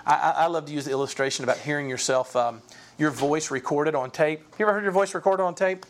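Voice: medium pitch, quick pace. Chatty Bible teacher asking rhetorical questions. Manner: conversational, stumbles and repeats words, asks rhetorical questions. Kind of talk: informal Bible class teaching.

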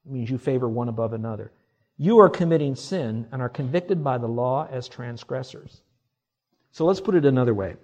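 A middle-aged male pastor preaching a sermon, swinging from loud emphasis to hushed asides. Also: medium pitch.

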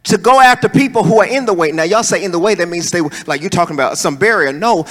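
A male preacher, preaching a sermon and swinging between soaring calls and low, joking asides. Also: lively intonation, fast talker. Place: church hall. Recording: long hall reverb.

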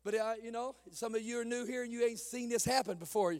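High-voiced man preaching with passion. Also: fast. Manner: impassioned preaching that swings from shouting to soft, calling listeners "honey"; laughs at his own jokes. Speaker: pastor. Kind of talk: sermon.

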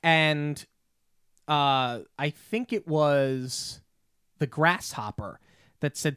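A man's voice: fairly high pitch, very slow, long pauses, clean tone, no room sound, clean studio sound. Upbeat man chatting about a film. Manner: enthusiastic, animated retelling of scenes. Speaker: podcast co-host. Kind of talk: casual film discussion.

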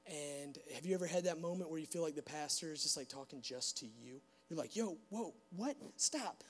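High, gravelly young man telling a story. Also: fast, faint music behind. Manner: animated, acts out dialogue, frequent fillers. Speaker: speaker giving a testimony at church. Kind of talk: sermon testimony storytelling. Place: room with a live audience.

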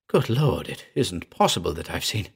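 A man's voice: deep voice, big pitch swings, moderate pace, vocal fry, husky, full character voice. Male reader as an awed, uneasy visitor, gasping disbelief. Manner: gasping, incredulous.

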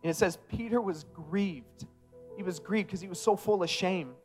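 A male pastor preaching a sermon in a casual, emphatic way that builds to loud passion. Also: high voice, normal speed, faint music behind.

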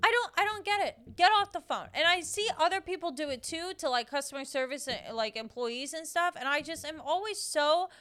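A woman's voice: sits high, expressive, fairly quick, hardly any pauses, bright, forceful tone. A young woman co-hosting a podcast, ranting bluntly and swearing in casual chat. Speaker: podcast co-host.

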